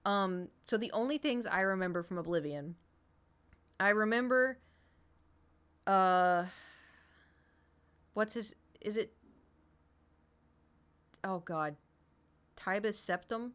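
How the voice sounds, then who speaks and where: A woman's voice: mid-range voice, slow pace, pauses often, fairly bright tone. A woman in her thirties, streaming and chatting casually, rambling through an anecdote and answering chat as she goes.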